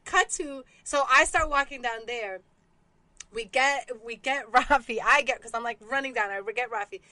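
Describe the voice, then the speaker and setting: A woman co-hosting a casual chat, telling a story in an animated, profane way, laughing and acting out the quotes. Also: on the high side, normal speed, no room sound. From Puerto Rican background.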